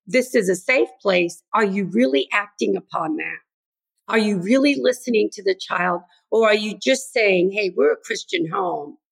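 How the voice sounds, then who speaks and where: An earnest older woman, a grandmother and educator, appears as a guest in a conversational interview, acting out quoted lines from kids and parents. Her voice is a little high, with vocal fry and a slightly rough texture.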